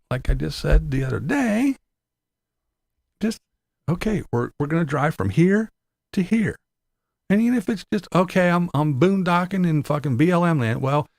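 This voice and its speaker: A man's voice: mid-range voice, vocal fry, dry recording. A man talking in a rambling, sarcastic, casual way, swearing a lot as he complains. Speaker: vlogger. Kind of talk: casual profane chat.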